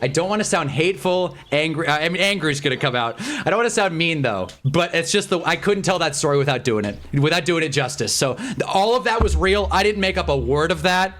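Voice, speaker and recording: A man's voice: fairly high pitch, animated, a little fast, few pauses, fairly bright tone, a little hiss or hum. A young adult man telling a story on a live game stream. He talks casually and with exasperation, swears freely and rambles with restarts.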